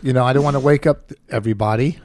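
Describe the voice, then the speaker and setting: A man co-hosting a podcast with his wife, bickering in a teasing, exasperated way and quick to defend himself. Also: mid-range voice, a little mellow. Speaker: podcast co-host. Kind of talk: bickering couple's podcast chat.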